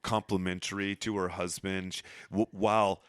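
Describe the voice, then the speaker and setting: A man hosting a podcast, retelling a story in casual, profane chat and acting out the characters in quick asides. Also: low voice, little pitch movement, clear, resonant tone, no room sound, clean studio sound. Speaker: podcast host.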